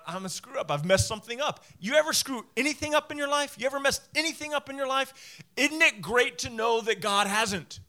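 A man's voice: extremely high pitch, sharp tone. A male pastor preaching a sermon, emphatic, repeating phrases and acting out the voices he quotes.

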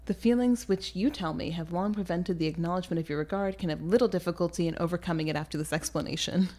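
A woman reading the lines of a sharp-tongued young woman rejecting a proposal, in a measured, cutting, formal delivery. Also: on the low side, close to an everyday voice. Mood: cold, measured.

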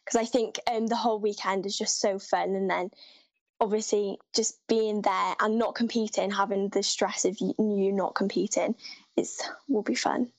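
A woman's voice: medium pitch, fairly even intonation, moderate pace. A teenage girl from North Wales, chatting upbeat with lots of fillers as a guest in a live interview. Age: teens.

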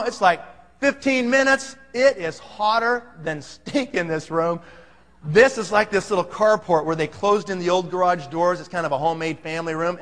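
A man telling a story to an audience, animated and acting out the scene. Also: high voice. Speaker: speaker telling a sales story. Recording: long hall reverb.

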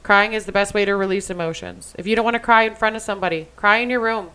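Smooth-voiced woman, blunt podcast co-host. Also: medium pitch, fast, sharp tone, low-quality recording. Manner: blunt and emphatic, swears freely. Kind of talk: casual chat.

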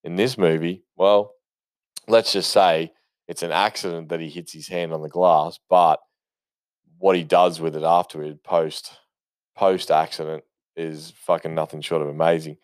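Man, very low and smooth voice, dry close sound, casual movie chat, rambling and profane. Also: little pitch movement, normal speed, dry recording. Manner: rambling, profane, enthusiastic storytelling with many fillers. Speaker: movie commentator. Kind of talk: casual spoken movie commentary.

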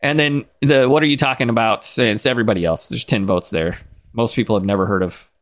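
A man in his forties co-hosting a casual podcast, relaxed and quick to laugh while going over listener poll answers. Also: on the low side. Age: 40s. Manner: easygoing, laughs often, reads out listener poll results. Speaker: podcast co-host. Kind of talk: casual chat.

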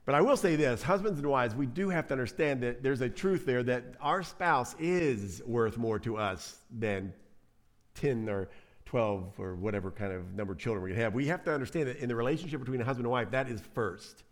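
A man preaching a sermon in an animated, conversational way. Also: medium pitch, fairly quick. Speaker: pastor.

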